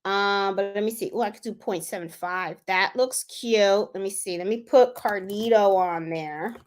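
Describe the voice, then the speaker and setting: A woman hosting a live embroidery tutorial, chatting casually and thinking aloud as she clicks through design software. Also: mid-range voice, normal speed. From Puerto Rico. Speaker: sewing and embroidery channel host.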